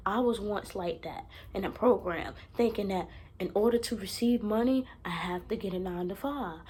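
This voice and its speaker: A woman's voice: mid-range voice, moderate pace, a little mellow, breathy edge. A young woman vlogging in a casual monologue, blunt and profane, swearing freely and repeating her points for emphasis. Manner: emphatic, repeats herself for effect. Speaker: self-help vlogger.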